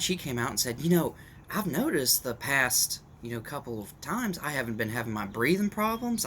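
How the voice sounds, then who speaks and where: A man's voice: mid-range voice, fairly bright tone, a little hiss or hum. A man talking casually to his viewers in a rambling opinion rant, with restarts and asides, recorded at home on a camera mic. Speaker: vlogger. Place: at home in the morning, dog nearby.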